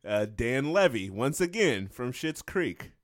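A man co-hosting a relaxed podcast chat, his voice rising and falling a lot as he reads through lists in a playful, joking way. He laughs often. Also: mid-range voice, measured pace, no echo, studio quality. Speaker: podcast co-host.

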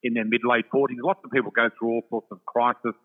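Older aussie guy rambling warmly about his life, lots of ums, sounds like a phone line in a big echoey space. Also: mid-range voice, little pitch movement, fast. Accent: Australian. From Australia. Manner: warm, chatty, effusive, full of fillers. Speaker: psychic guest. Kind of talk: casual storytelling chat. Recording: tinny phone-like line with long reverb.

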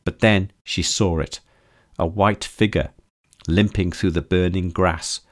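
A man reading his own story aloud as narrator, in a steady, measured delivery. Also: deep voice. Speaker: author and narrator. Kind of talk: scripted audiobook narration.

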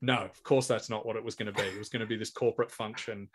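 A man's voice: lowish voice, steady tone, fast, slightly rough. A man in his forties with an Australian accent, telling anecdotes as a comedian guest in a casual interview, restarting his sentences often. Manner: rambling anecdotal storyteller with many restarts.

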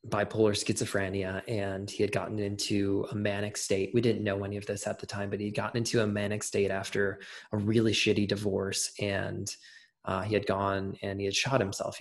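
A man's voice: on the low side, completely flat delivery, normal speed, vocal fry. A young adult man, an interview guest, telling a personal story in casual conversation, with many fillers and restarts.

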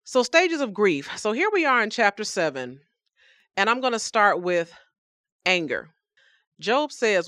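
A woman's voice: medium pitch, sing-song, a little slow, pauses often, a bit bright, dry recording, clean studio sound. A woman teaching the Bible on a podcast, emphatic and speaking to her listeners as believers.

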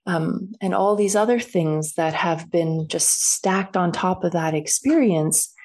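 A woman's voice: lowish voice, darkish tone. A middle-aged woman, a healer and podcast guest, tells her personal story with animation and acts out the dialogue she quotes.

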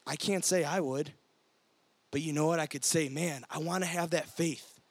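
In this sermon, a youth pastor in young adulthood addresses a youth group at normal speed, his voice on the high side and free of room sound. He spins lively stories and imitates each character he quotes.

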